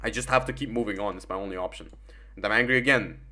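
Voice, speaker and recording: A man's voice: on the low side, quick pace, pushed and bright. A young man giving rambling, casual commentary while gaming, full of fillers and swearing.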